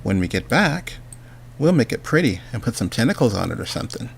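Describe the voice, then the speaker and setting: A man's voice: medium pitch, very animated, brisk, vocal fry, husky. A man hosting a livestream, chatting casually as he works and then interviewing a guest, rambling and talking to himself. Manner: rambling, chatty, talks to himself while working. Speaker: host.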